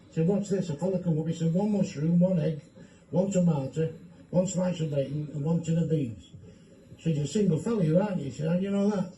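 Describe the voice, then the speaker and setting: This joke teller has a fairly high, warm voice and moves at a quick pace as he delivers bawdy material, cursing freely and voicing the characters differently. A phone captured him from across an echoey room, with a little background noise.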